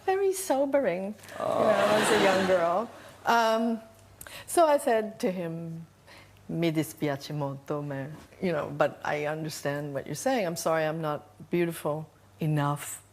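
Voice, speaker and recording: An older woman chatting as a guest on a television talk show, soft-spoken and self-deprecating. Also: on the low side, expressive, measured pace, noisy background. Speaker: guest actress. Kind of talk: casual chat show anecdote. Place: television studio.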